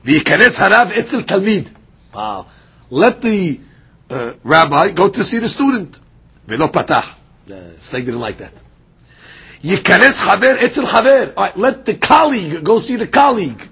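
A man teaching a daily Talmud class, reading passages aloud and retelling them as a lively story. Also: high-pitched, normal speed, slightly rough. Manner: lively storytelling, reads Aramaic then explains in English.

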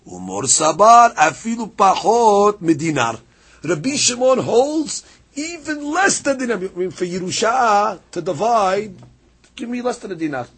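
A man with a slightly high, somewhat rough voice teaches a Talmud lesson, working back and forth through a passage and reading Aramaic lines between his English explanations. He's animated, his voice rising sharply on key points.

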